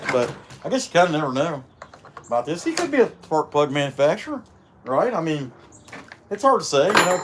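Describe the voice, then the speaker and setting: A man's voice: on the high side, fairly bright tone, a little hiss or hum. A middle-aged man rambling in a folksy way on a live stream, talking while chewing as he works on a chainsaw in his workshop. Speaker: livestream host, chainsaw carver. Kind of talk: casual live-stream chat.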